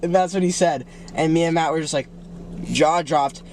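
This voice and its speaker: A man's voice: on the high side, normal speed, darkish tone, a little hiss or hum. A young man eagerly telling a story in casual chat, acting out quotes as he goes.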